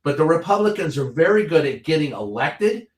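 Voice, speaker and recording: A man's voice: fairly high pitch, sing-song, fairly quick. Older guy reporter ranting hard about politics, swears a lot, kinda echoey room. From Kentucky. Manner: blunt, ranting, swears freely. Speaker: veteran White House reporter, guest. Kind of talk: impassioned political talk.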